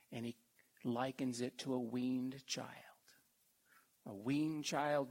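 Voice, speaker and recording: An older man preaching a slow, heartfelt sermon, his voice gravelly and husky. He reads scripture in an unhurried, halting way and drops now and then into near-whispers. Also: medium pitch. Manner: slow, halting, emotional delivery with soft whispered stretches.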